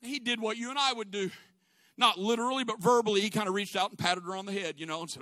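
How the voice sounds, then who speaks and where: A man preaching. His tone is bright and forceful, and the sound is dry and close. He drops to hushed storytelling, then rises to shouting. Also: high-pitched, fast, dry recording. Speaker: pastor. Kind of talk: sermon.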